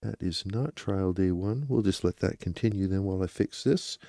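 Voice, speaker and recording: A man's voice: low voice, moderate pace, creaky, dark tone, no room sound, studio quality. A man hosting a true crime livestream, chatting casually and rambling as he talks to his viewers.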